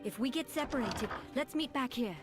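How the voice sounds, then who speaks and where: A timid young captive mage. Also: female voice, high-pitched, animated, normal speed. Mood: worried. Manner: timid, anxious. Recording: game audio with music behind.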